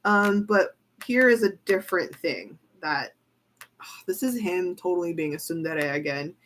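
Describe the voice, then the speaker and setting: A woman reading tarot cards in a casual, chatty way, excitable and giggly. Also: medium pitch, poor audio. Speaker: tarot reader. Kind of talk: casual chat.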